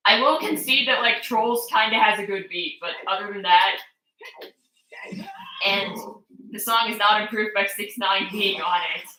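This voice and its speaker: A woman chats casually while she streams a game, blunt and opinionated, quick to swear or laugh. Her voice is sharp and bright. The sound carries a roomy echo. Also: medium pitch. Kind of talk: casual gameplay chat.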